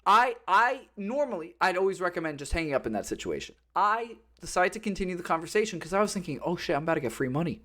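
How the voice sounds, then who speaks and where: Speaking in a high voice at a quick clip with few pauses, this podcast host from Florida spins animated stories in casual conversation. He swears a lot and performs the voices of callers and other people he mentions.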